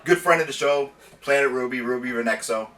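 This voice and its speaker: A man's voice: medium pitch, brisk, fairly bright tone. A man hosting a casual geek talk show, rambling through stories with lots of restarts. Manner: rambling storyteller, restarts and self-corrections. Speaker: podcast host. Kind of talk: casual chat. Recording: distant from the mic.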